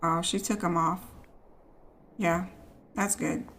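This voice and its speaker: A woman's voice: fairly low pitch, steady tone, takes it slowly, fairly bright tone, a little hiss or hum. A woman streaming a life-sim game, chatting casually and teasing her characters as she plays. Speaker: gaming streamer. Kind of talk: casual let's play commentary.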